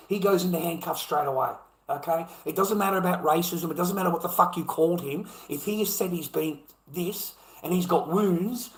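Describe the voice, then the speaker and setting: A man's voice: on the high side, fairly bright tone, echoey room, poor audio. Ranting, swearing Australian man. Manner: profane, heated, repetitive. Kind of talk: ranting monologue to camera.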